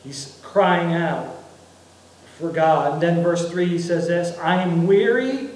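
A man's voice: fairly high pitch, fairly even intonation, slow, heavy reverb, far from the mic, rough recording. A man preaching a sermon as pastor, earnest, repeating and restarting his phrases as he builds his points. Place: church sanctuary.

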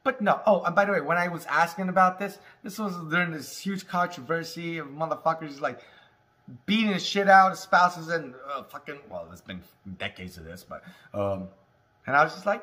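A man from Alaska ranting casually on his cannabis vlog, swearing constantly and shouting when he gets heated. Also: on the high side, lively intonation, brisk. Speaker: cannabis vlogger. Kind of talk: casual profane rant. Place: home, indoors.

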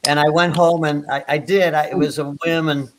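A man's voice: a little high, little pitch movement, moderate pace. Older man rambling through a story. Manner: rambling, many restarts, laughs at own stories. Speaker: guest performer. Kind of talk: anecdotal storytelling.

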